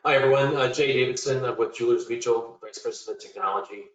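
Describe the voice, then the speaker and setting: A man's voice: medium pitch, quick pace, fairly bright tone, a little hiss or hum. A man, a technology executive, introducing himself on an online panel in a matter-of-fact way. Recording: roomy, distant, muffled call audio.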